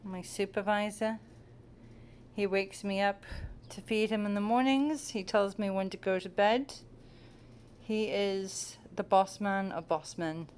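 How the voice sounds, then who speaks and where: A woman's voice: mid-range voice, measured pace, a little mellow, slight background noise. A young woman at home chatting casually to the camera while playing with her cat, teasing and cooing at him. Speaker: cat owner filming her pet.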